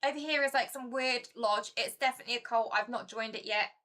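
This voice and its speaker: A young woman chatting casually as she streams a board game, talkative and easily excited. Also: on the high side, quick pace.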